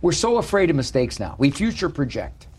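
A man with a husky, slightly raspy voice, a bit higher than most. His pitch moves a lot as he talks. He tells stories in a casual interview, sometimes acting out other people's lines. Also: fairly quick. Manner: animated storytelling, acts out quoted voices. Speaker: author and psychologist guest.

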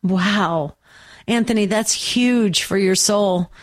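A woman's voice: mid-range voice, takes it slowly. A woman hosting a call-in radio show, encouraging and affirming her callers.

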